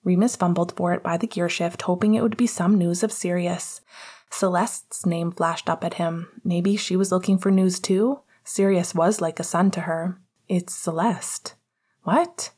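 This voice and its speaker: A woman reading an audiobook in steady, measured narration. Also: fairly low pitch, husky. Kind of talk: scripted narration.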